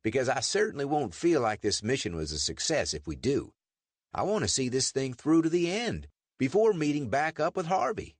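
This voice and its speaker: A man's voice: mid-range voice, very animated, moderate pace, no echo, pitched above the performer's own voice. Man voicing an earnest American adventurer. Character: determined young American male adventurer.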